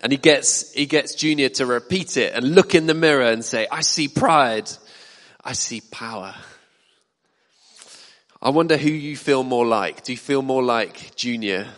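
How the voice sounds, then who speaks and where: A man preaches a sermon in a church hall, speaking conversationally and putting questions to the congregation. His voice is mid-range and a bit bright, at a moderate pace with few pauses, and the hall adds a long reverb.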